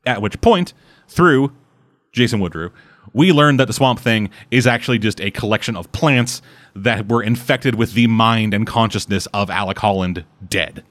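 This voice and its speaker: A man's voice: lowish voice, normal speed, no echo. A man casually recapping a comic book storyline, swearing freely and slipping into character voices. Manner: profane, animated retelling with put-on character voices.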